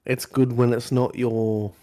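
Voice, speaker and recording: A man's voice: mid-range voice, little pitch movement, a little slow, dark tone. A man, chatting casually and swearing as a podcast co-host. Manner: easygoing, sweary, agreeable. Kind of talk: casual chat.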